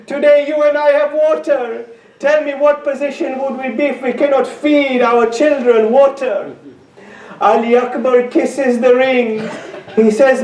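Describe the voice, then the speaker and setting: High, slow, lamenting male preacher. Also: darkish tone. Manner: slow, drawn-out, lamenting delivery with emotional swells. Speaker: speaker giving a Muharram mourning sermon. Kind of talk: sermon narrating with grief. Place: mosque or community center hall. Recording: echoey room heard from a distance.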